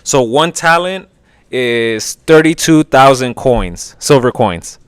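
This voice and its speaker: Man, podcast host, casual profane storytelling, smooth clear voice, dry close sound. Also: medium pitch, animated, slow, no echo. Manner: profane, rambling, lots of filler.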